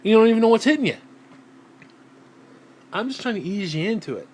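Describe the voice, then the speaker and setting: A man's voice: sits high, sing-song, brisk, darkish tone. Blunt swearing man ranting to camera. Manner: blunt, heavy swearing, sighs and clears throat between thoughts. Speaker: vlogger. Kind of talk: profane personal rant to camera.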